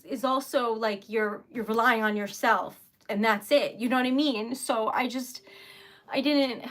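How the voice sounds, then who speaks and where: A young woman running a casual livestream for her small business, flustered and giggly as she thanks viewers. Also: high-pitched.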